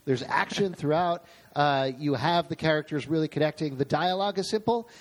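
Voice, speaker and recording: Male podcast host, slightly high voice, rambling comic reviewer. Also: a little fast. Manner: opinionated, jokey, rambling. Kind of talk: casual chat reviewing comics.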